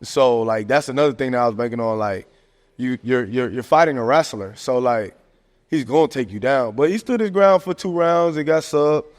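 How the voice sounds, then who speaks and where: A man hosting a podcast, giving casual sports commentary in a slangy, animated rant full of fillers. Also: mid-range voice, normal speed. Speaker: podcast host. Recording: long echoing reverb.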